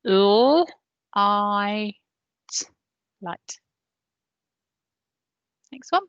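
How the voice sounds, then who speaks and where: A woman's voice: medium pitch, expressive, clear, resonant tone, no room sound, highs cut off. A woman teacher leading an online phonics lesson for parents, patiently sounding out letters and asking listeners to repeat after her. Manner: patient, sounds out letters slowly and prompts repetition.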